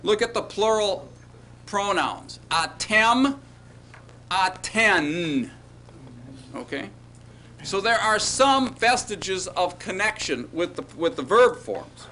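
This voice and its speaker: A man's voice: high-pitched, animated, takes it slowly, sharp tone, slight background noise. A man teaching a Hebrew grammar class, checking in with his students and leading them in repeating words after him. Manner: drilling students with call-and-response repetition; checks in often with okay and all right. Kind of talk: classroom lecture.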